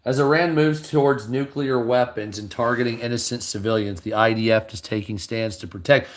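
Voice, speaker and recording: A man's voice: mid-range voice, moderate pace, hardly any pauses. A tired man giving blunt, heavily profane reaction commentary while reading news headlines aloud. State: tired, low energy.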